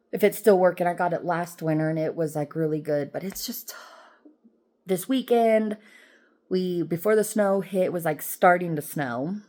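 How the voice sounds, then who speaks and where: A woman's voice: lowish voice, a little mellow. A woman vlogger and rideshare driver talking in a chatty, rambling, emotional and upbeat way. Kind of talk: casual vlog chat.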